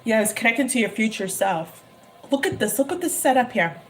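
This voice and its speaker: A high-voiced woman doing a live-streamed tarot reading. She is emphatic and excitable and repeats her lines over and over, with faint noise behind her. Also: brisk. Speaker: tarot reader.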